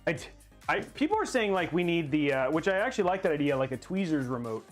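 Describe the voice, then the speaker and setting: A man hosting a casual livestream while building a PC, excitable and rambling as he hypes the viewers' goals. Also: on the high side, fast, soft background music.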